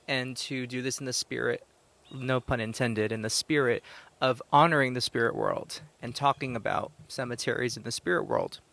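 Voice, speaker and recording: A man hosts a relaxed solo podcast from outdoors. His talk is chatty and meandering, full of self-corrections, and he speaks into a handheld microphone. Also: mid-range voice, gravelly. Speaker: podcast host, psychic medium. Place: outdoors in a cemetery. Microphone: handheld microphone recorded to a tablet.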